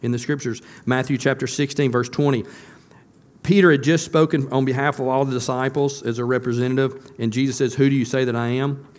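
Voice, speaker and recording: A man's voice: steady tone, brisk. A male pastor preaching a sermon, often asking the congregation questions and answering them himself. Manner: builds to a louder, higher emphatic close.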